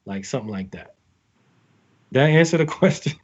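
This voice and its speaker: Man, navy sailor, casual advice talk, loose and rambling, middle pitch, slightly muffled recording. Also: animated, a little fast, a little mellow. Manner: rambling, full of fillers and restarts. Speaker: navy sailor speaking to recruits.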